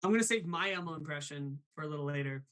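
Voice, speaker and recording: A man's voice: on the high side, quick pace, fairly bright tone, poor audio. Bubbly male live-show host. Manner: bubbly, laughs often, reads out viewer comments. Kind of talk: live show chat about doing voices.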